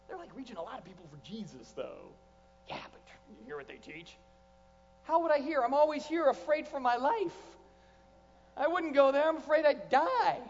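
A man preaching a sermon as a pastor, talking in a lively conversational way and acting out quoted voices. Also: high voice. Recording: long hall reverb, dull lo-fi sound, faint noise.

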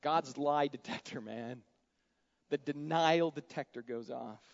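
A man preaching a sermon, animated, acting out scripture characters in shifting voices. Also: a little high, measured pace, gravelly. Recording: dull sound with long hall reverb.

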